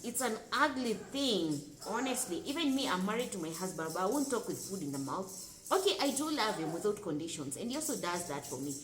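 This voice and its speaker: A young Kenyan woman talking casually to camera as a lifestyle vlogger, emphatic and repetitive with lively asides. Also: mid-range voice. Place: home room with children nearby. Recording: echoey room with faint background noise.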